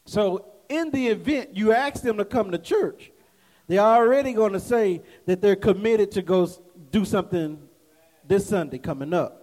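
High-voiced preaching man in echoey hall. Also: moderate pace, darkish tone. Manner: conversational preaching with call-and-response asides. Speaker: pastor. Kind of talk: sermon. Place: church sanctuary.

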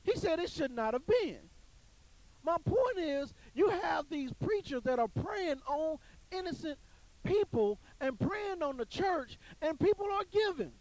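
A man's voice: very high-pitched, sing-song, unhurried, a little mellow, low-quality recording. A man telling a story to an audience in an emphatic, preachy way, often repeating his phrases. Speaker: commentator on church life.

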